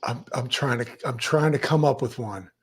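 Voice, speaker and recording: A host from Maryland chatting casually in an interview, playful and quick to laugh along, often restarting sentences. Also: mid-range voice, slightly rough. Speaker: podcast host.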